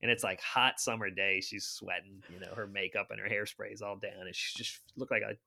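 A man in his fifties, an author guest, telling anecdotes in a chatty, animated way. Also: fairly low pitch, a little fast, vocal fry. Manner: animated storyteller, chatty asides. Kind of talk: anecdotal storytelling.

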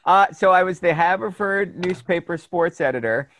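Higher-voiced man telling a lively story. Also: normal speed, a little hiss or hum. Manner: animated storyteller, acts out quotes with laughs. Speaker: podcast co-host. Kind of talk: casual chat, anecdote telling.

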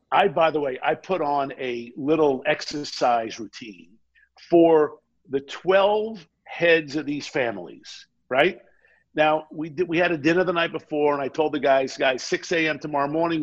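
A man tells a rambling story in a casual chat. His voice is fairly high for a man, gravelly and a bit husky, and he keeps acting out the people in the story. The audio is dull and lo-fi. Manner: animated, quotes people mid-story. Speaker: guest.

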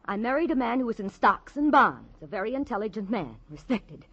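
A proud, defensive society wife. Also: female voice, fairly high pitch, sing-song, fairly quick, breathy edge. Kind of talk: 1950s radio drama acting. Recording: dull old radio broadcast.

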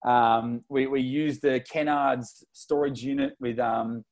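Excitable young Australian man telling stories. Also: medium pitch, slow pace. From Melbourne, Australia. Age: 20s. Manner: excitable, slangy, tells stories with lots of retold dialogue. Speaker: podcast guest. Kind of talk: casual interview storytelling.

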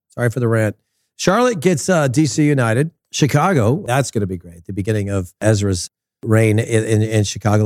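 A man's voice: on the low side, darkish tone, dry recording, studio quality. A man giving a casual, blunt soccer opinion monologue, ranting and swearing freely while out walking. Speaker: soccer commentator. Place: outdoors walking in Las Vegas.

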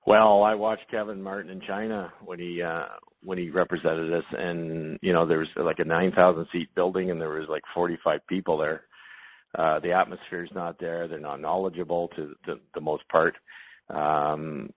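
A man's voice: sits low, little pitch movement, moderate pace, no room sound, poor audio. A middle-aged man, a former curling champion, giving loose, rambling expert commentary in an interview, full of fillers and restarts. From Canada.

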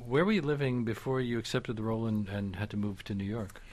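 A man's voice: on the low side, quick pace, a little mellow, a little hiss or hum. A man hosting an interview, asking curious questions in a conversational way. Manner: curious, conversational, hesitant fillers. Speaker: interview host.

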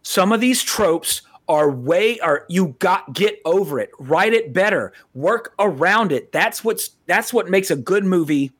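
A man's voice: high-pitched, animated, unhurried, hardly any pauses, fairly bright tone, breathy edge, no room sound. An American man co-hosting a podcast in a casual, rambling, profane way, laughing often. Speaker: podcast co-host.

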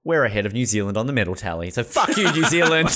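An Australian man hosting a casual chat, excitable and swearing, bursting into shouts and laughter. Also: medium pitch, heavy background noise. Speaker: podcast host. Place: hotel room.

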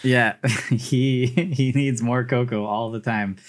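A man's voice: mid-range voice, steady tone, takes it slowly. A man with an ordinary mid-range voice chats on a podcast about a film. He spins an absurd theory in a dry, playful way and laughs easily between points. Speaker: podcast co-host. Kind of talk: casual chat, joking movie analysis.

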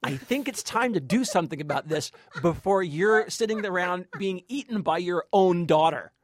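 A man's voice: high voice, animated, normal speed, dry recording, clean studio sound. A man co-hosting a film review chat, emphatic and sardonic as he tears into a movie. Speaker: co-host.

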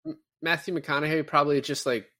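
A man's voice: fairly high pitch, quick pace, no echo, studio quality. A man co-hosting a casual movie podcast, rambling and acting out lines from scenes. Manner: rambling, quotes movie lines in lively put-on voices. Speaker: podcast co-host.

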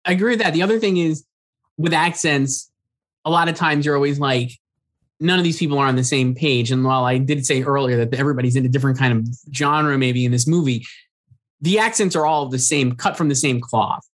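A man's voice: mid-range voice, a little fast. A man co-hosting a casual film awards podcast, talking loosely with lots of filler words and restarts. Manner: chatty, full of "like" fillers and restarts. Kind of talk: casual chat.

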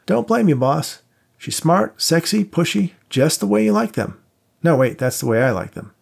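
A man's voice: fairly high pitch, very animated, normal speed, vocal fry, husky, pitched above the performer's own voice, heavily acted. A man voicing a cocky, wisecracking male cop buddy in an audiobook, teasing and joking, raised above his own voice. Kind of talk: audiobook character voice.

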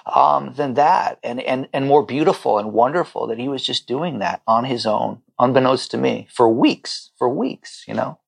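A man's voice: medium pitch, normal speed, gravelly, few pauses, husky. A middle-aged chef talking as a podcast guest over a remote call, heartfelt and stumbling over repeated words when he gets moved. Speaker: chef and restaurant owner, guest. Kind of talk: emotional podcast conversation.

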